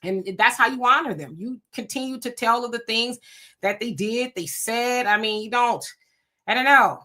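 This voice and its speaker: A woman hosting a casual livestream, reading out viewer comments and telling animated stories. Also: a little high, normal speed. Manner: animated storytelling with frequent laughs. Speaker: livestream host.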